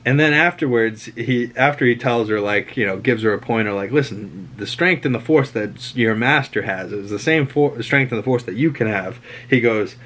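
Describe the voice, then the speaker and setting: A man with a Boston accent casually recapping a TV episode, rambling and animated, slipping in quoted lines. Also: mid-range voice, moderate pace, few pauses. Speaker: show recap host.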